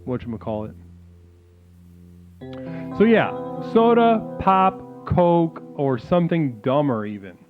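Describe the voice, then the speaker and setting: A man's voice: on the high side, big pitch swings, slow pace, long pauses. A man hosting an improvised comedy call-in stream, rambling and swearing, often restarting his sentences. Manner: rambling, profane, full of restarts. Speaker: call-in show host. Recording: tinny phone-like sound with music behind.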